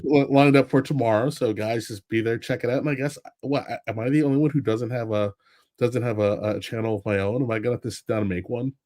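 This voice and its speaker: A man's voice: mid-range voice, steady tone, quick pace, darkish tone. A man guesting on a live online panel, sheepishly fumbling through a plug for his wrestling show. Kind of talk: casual livestream panel chat.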